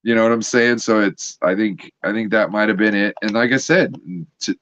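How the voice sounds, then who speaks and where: A man joining a sports chat as a guest, telling an animated story as a frustrated fan. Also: fairly low pitch, fairly quick, no echo, lo-fi sound. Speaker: guest co-host.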